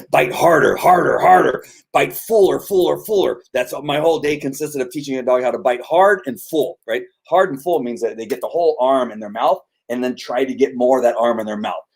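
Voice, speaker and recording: A man's voice: mid-range voice, fairly quick, hardly any pauses, a little mellow. Rambling man who trains dogs. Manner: rambling, with many restarts and repeated words. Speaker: dog trainer. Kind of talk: casual explanatory talk.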